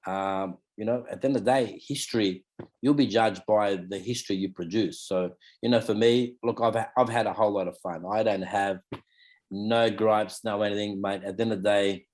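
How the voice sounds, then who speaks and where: A man's voice: lowish voice, fairly even intonation, moderate pace, darkish tone. An Australian man in his fifties, a martial arts teacher talking casually in an interview, rambling and leaning on fillers like "you know" and "mate". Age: 50s.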